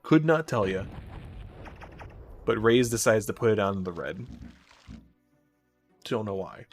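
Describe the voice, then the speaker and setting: A man's voice: lowish voice, animated, takes it slowly. Chatty Midwestern man streaming a game. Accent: general Midwestern American. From Chicago area, US Midwest. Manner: rambling, chatty, reads and answers chat aloud. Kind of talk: casual chat while gaming. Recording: faint music behind.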